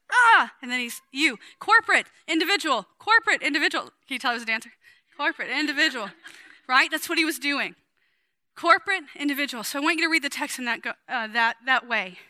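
A woman in her forties preaching to women in a chatty, emphatic way, with sudden loud bursts of energy. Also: fairly high pitch, no room sound. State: sweating. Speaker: women's ministry speaker. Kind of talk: sermon.

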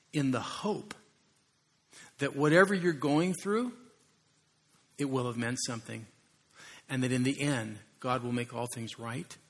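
A man preaching a sermon in an animated way, acting out voices and rising suddenly in volume. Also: mid-range voice, slightly rough. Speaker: pastor.

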